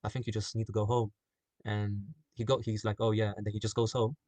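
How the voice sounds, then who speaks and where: A man casually pitching a horror film plot, rambling and full of fillers. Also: flat delivery, a little fast, darkish tone, no echo. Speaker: group chat member pitching a film plot.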